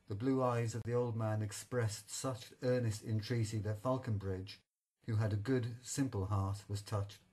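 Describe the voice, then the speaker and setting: A man narrating a classic story in a measured, literary reading style. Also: lowish voice, steady tone, a little mellow, breathy edge, rough recording. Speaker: audiobook reader. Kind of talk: scripted narration.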